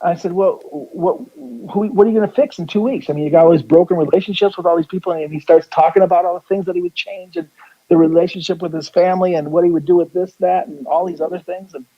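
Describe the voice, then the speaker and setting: On a radio show where he appears as a psychic, this man talks fast in a high-sitting voice with a steady tone. The audio is dull, and his story rambles as he restarts sentences and performs the quotes of its characters.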